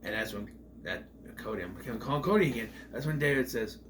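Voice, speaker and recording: A man casually reviewing a movie in a rambling, offhand way, retelling scenes in quoted voices and breaking into loud mock outrage. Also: mid-range voice, expressive, brisk, noisy background.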